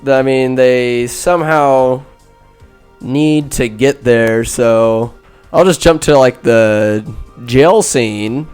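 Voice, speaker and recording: Smooth-voiced man ranting through a movie recap. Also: medium pitch, slow, a bit bright, soft background music. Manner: irreverent, profane, rambling, acts out voices. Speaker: podcast host. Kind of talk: rambling comic movie recap.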